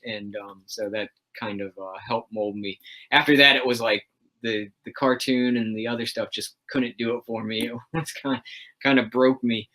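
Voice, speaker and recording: A man's voice: medium pitch, steady tone, moderate pace, sharp tone. Guy rambling happily about old comics on a stream, lots of um and uh, easygoing. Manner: rambling, enthusiastic, many fillers. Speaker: host of a livestream. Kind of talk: casual chat about comics.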